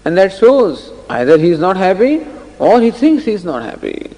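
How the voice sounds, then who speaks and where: Man teaching scripture, lively up and down voice, a bit high, echoing hall. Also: moderate pace. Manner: explanatory, tells illustrative stories with acted-out dialogue. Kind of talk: spoken discourse on scripture. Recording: long reverb of a hall.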